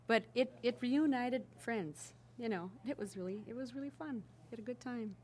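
An older woman from Minnesota's Iron Range, speaking as an interviewee in a casual oral-history session, tells stories in a fairly high voice at normal speed. She's chatty and animated, often restarting her sentences mid-anecdote.

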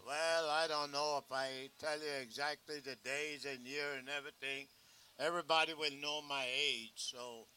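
A man's voice: on the high side, steady tone, moderate pace, sharp tone, smooth. An older man, a longtime newspaper seller, rambling about his years and calling out his paper cry. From New York. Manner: rambling, calls out paper cries.

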